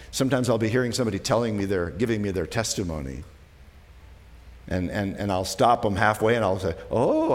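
A man preaching as a pastor, talking conversationally, moving between quiet, slow passages and emphatic ones. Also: medium pitch, big-room sound. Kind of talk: sermon.

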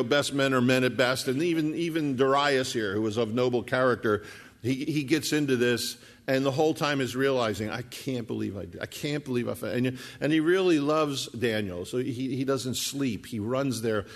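A man preaching a sermon, his pitch sitting in the middle of the male range. He retells a scripture story casually, slipping into the characters' lines and asides to the congregation. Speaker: pastor.

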